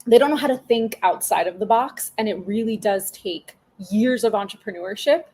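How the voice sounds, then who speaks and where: A woman's voice: medium pitch, normal speed, mellow, husky. A woman in her thirties, a business mentor and podcast guest, talking in a frank, chatty way with lots of fillers and asides. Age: 30s. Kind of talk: casual interview conversation.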